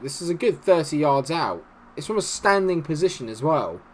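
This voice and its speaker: A man giving casual, animated commentary on a football management game, swinging between cheering and grumbling. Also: a little high, normal speed. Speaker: gaming YouTuber.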